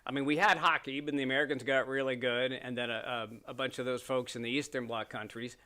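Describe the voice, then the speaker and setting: A man's voice: mid-range voice, fairly even intonation, quick pace, sharp tone. A middle-aged man from Canada, a podcast guest chatting casually, joking and laughing often as he tells stories. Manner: joking storyteller, laughs often, mimics voices. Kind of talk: casual chat.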